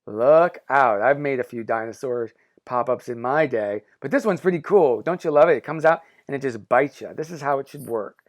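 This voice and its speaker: Man with a lively, swooping voice, cheerful and encouraging, for a hands-on craft tutorial. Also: medium pitch, a little fast. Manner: upbeat, encouraging, playful. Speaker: pop-up book artist teaching a craft.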